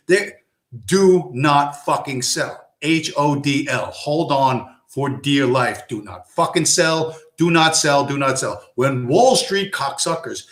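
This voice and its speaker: A man's voice: on the high side, expressive, a little slow, fairly bright tone, roomy sound. A man hosting a stream, ranting in a profane, aggressive, sarcastic way. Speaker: stream host. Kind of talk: ranting live-stream commentary.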